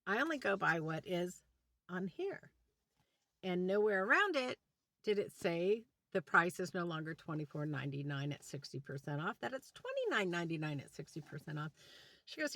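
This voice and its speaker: A woman's voice: mid-range voice, normal speed, dry recording. A woman vlogger telling a story as a rant, acting out both sides of a conversation. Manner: animated retelling with quoted dialogue. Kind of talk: ranting storytime. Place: inside a van.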